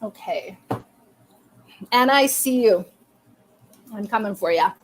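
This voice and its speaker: A woman's voice: mid-range voice, lively intonation, takes it slowly. A woman medium doing live readings, speaking in a soothing, affirming way in short phrases and often saying okay. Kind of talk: live-stream reading, chatting to viewers.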